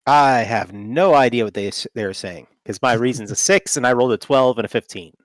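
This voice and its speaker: A man playing a tabletop game, easygoing and a little hesitant as he sets up his moves. His voice is smooth and clear at a middle pitch. The sound is dry and close. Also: a little fast, no room sound. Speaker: player. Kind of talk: casual game talk.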